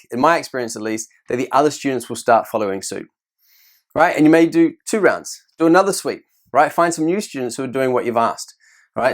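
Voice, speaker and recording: A chatty male teacher talks to camera and gives classroom tips. He pokes fun at himself now and then. His voice sits in an ordinary middle range. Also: mid-range voice. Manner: chatty, self-deprecating. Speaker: teacher and video host.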